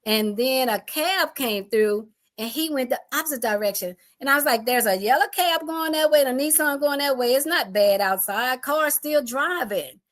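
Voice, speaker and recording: Animated woman telling a story. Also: high voice, moderate pace, hardly any pauses. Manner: animated, acts out voices of family members. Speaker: homeowner telling her storm story. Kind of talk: emotional personal storytelling.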